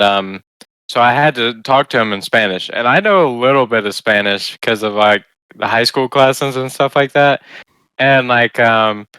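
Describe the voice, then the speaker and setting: A young man chatting casually on a podcast, giggly and loose, quick to joke. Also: medium pitch, bright, forceful tone, clear, resonant tone, no echo. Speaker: podcast co-host. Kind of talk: casual storytelling chat.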